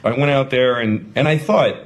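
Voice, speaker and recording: A man's voice: medium pitch, moderate pace. A man telling a candid, profane story as a talk show guest, with many fillers. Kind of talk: casual storytelling.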